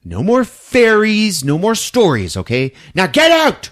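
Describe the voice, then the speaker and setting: A man voicing an exasperated middle-aged father who blusters and rises to shouting. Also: fairly low pitch, sing-song, unhurried, heavily acted.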